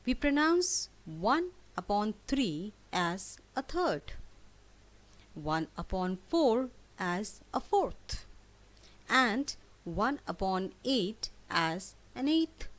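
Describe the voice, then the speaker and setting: A woman teaches a classroom lesson for children at an extremely slow pace, her medium-pitched voice swinging widely. She asks questions and answers them herself with emphatic rising prompts, spelling words out and repeating the key ones.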